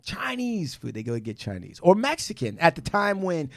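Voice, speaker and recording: A man's voice: moderate pace, gravelly, no echo, studio quality. A man hosting a podcast, telling profane family stories in casual chat and acting out relatives' lines. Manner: animated, profane, acts out relatives in shrill voices. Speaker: podcast host.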